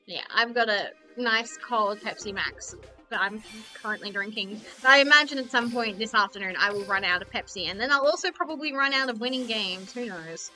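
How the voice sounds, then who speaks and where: Bright-voiced woman streamer chatting. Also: on the high side, fairly quick, faint music behind, rough recording. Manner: chatty, swears casually, self-mocking. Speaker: VTuber streamer. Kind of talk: casual game-stream chat.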